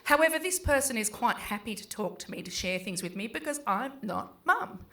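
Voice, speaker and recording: In a fairly high, expressive voice with a fairly bright tone, a middle-aged Australian woman works a small pub crowd with stand-up. She's chatty, curses freely, and quickly voices her kids.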